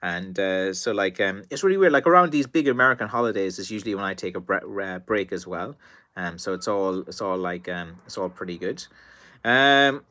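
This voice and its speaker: An Irish man talks loosely through viewer questions on a live stream, circling back with fillers and restarts. His voice sits a little low yet comes across bright and forceful, though worn and tired after a long day of calls, with an occasional cough. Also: expressive, brisk. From Ireland. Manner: rambling, many fillers and restarts. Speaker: stick maker answering live chat. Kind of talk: casual live-stream chat.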